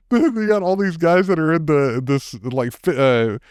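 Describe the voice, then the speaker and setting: A man's voice: a little high, expressive, measured pace, a little mellow, smooth, no echo, studio quality. A man co-hosting a podcast, casually retelling a comic story, laughing often as he quotes the characters. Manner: laughs often while retelling, mimics characters' lines loosely. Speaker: podcast co-host.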